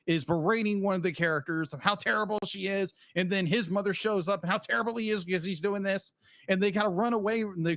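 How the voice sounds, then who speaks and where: A man co-hosting a podcast, talking loosely and restarting his sentences as he goes. His voice sits on the higher side. The sound is dry and close, with no room around it. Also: a bit bright, dry recording. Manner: rambling, with frequent restarts and laughs. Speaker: podcast co-host. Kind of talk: casual chat.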